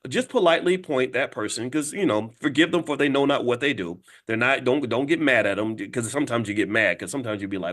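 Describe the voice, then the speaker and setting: A man giving a fast political commentary monologue, speaking straight to his listeners with emphatic stops and restarts, his voice jumping up sharply to make a point. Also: a bit bright. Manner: emphatic, restarts words, pitch jumps high when making points; addresses listeners directly, asks them to respond. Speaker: commentator and host.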